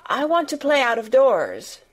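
A woman voicing an anxious, eager little girl who speaks in a halting, tremulous way. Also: high-pitched, huge pitch swings, voice pushed up, full character voice. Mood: pleading.

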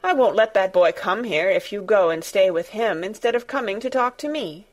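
A woman's voice: animated, normal speed, close to an everyday voice. A woman voicing a spoiled, sickly boy who is petulant and imperious, with a sulky, sneering manner. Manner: sulky, sneering, shrill when angry.

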